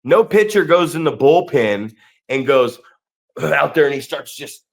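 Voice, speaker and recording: A man's voice: on the high side, measured pace, gravelly. Profane, ranting man co-hosting a podcast. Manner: profane, animated, mocking impressions. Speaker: podcast co-host. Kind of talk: casual podcast rant.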